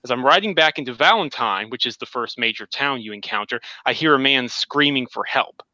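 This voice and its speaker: Speaking fairly quickly in a medium-pitched voice, this man co-hosts a laid-back gaming podcast, where he animatedly spins stories and performs the quotes. The recording is muffled, with no room sound.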